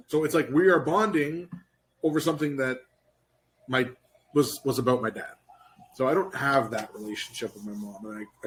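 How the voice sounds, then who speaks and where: Male podcast co-host, mid-pitched, reflective and halting, casual swearing. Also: a little hiss or hum.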